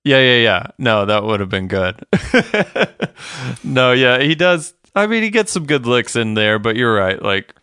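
A man's voice: mid-range voice, big pitch swings, a little slow, sharp tone, clean tone, dry recording, clean studio sound. A man co-hosting a podcast, recapping a TV episode in laid-back casual chat, swearing freely and leaning on fillers. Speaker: podcast co-host.

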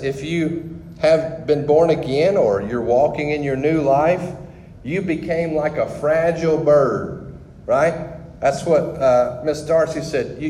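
Man, candid testimony speaker, warm and mellow, roomy hall with long reverb and faint background ambience. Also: fairly high pitch, a little hiss or hum. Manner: candid and conversational, with frequent restarts. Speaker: speaker sharing his testimony. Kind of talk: personal testimony to a group.

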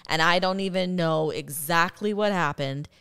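A woman's voice: on the low side, normal speed, fairly bright tone, clear, resonant tone. A woman co-hosting a podcast with her husband, recalling a hard family memory and chiming in to finish his sentences. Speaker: podcast co-host. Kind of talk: casual personal testimony.

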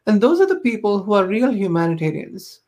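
A woman's voice: medium pitch, sing-song, fairly quick, warm tone. A woman, a podcast guest, telling personal stories in an earnest, reflective way with frequent ums and you-knows. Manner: earnest, reflective, many fillers like um and you know. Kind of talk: personal storytelling in conversation.

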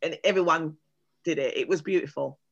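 A man from the East End of London chatting on a casual podcast, reminiscing and trailing off softly at the ends of sentences. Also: fairly high pitch, a little fast, vocal fry, dull audio. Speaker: photographer, podcast co-host.

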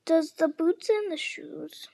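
A woman's voice: very high voice, slow, vocal fry, mellow, full character voice. A woman reading the lines of a curious, polite young girl in a storybook, timid and wondering.

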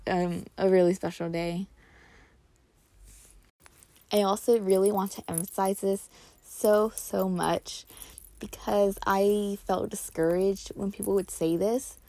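A woman's voice: mid-range voice, fairly even intonation, slow, long pauses, dark tone, no room sound. A young woman telling a personal story in a casual vlog, full of "like" fillers. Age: young adult. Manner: chatty, heavy on "like" fillers. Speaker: incoming college student.

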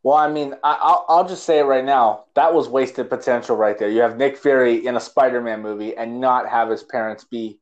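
A man's voice: mid-range voice, fairly quick, hardly any pauses, lo-fi sound. A man co-hosting a casual movie-review chat, rambling and sarcastic, with many restarts. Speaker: podcast co-host, movie reviewer.

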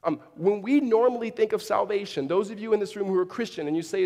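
High-voiced preacher in a reverberant hall. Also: male voice, fast talker, hardly any pauses, darkish tone. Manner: conversational preaching with dry humorous asides. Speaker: pastor. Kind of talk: sermon. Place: large church hall with a congregation. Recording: long reverb of a big hall.

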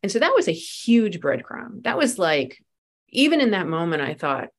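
A woman with a slightly low voice speaks as a guest on a conversational podcast. She tells her stories with energy and slips into the voices of the people she quotes. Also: moderate pace. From United States. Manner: animated storyteller, acts out quoted voices. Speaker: guest, spiritual teacher and life coach.

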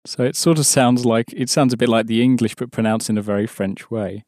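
A man's voice: mid-range voice, brisk, darkish tone, no room sound, clean studio sound. A man teaching an audio language course, patiently explaining and prompting the learner to answer.

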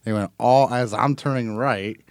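A man's voice: medium pitch, steady tone, normal speed, smooth, no echo, clean studio sound. A man co-hosting a casual gaming podcast, telling stories through laughter and frequent swearing. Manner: laughing storyteller, swears a lot. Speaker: podcast co-host.

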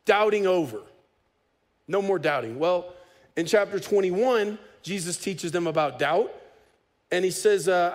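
Animated man preaching, slightly high voice. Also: unhurried, pauses often. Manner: conversational and animated, with casual humor. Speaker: pastor. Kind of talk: sermon.

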